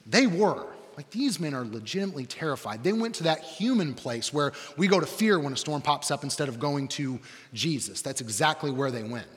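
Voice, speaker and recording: A male preacher giving a conversational sermon, leaning on "like" and dropping to a hush for emphasis. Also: fairly high pitch, expressive, fairly quick, in a large hall. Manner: conversational, lots of "like", dramatic drops to quiet.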